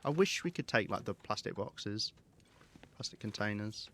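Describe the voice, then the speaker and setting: A man giving live gameplay commentary, rambling and thinking aloud with hesitant pauses. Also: lowish voice, lively intonation, fairly bright tone, slight background noise. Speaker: game streamer.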